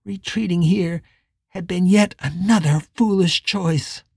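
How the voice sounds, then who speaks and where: A man reading a western novel chapter aloud as an audiobook narrator, measured and dramatic. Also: sits high, gravelly, a little mellow, breathy edge, no room sound, studio quality. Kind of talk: scripted narration.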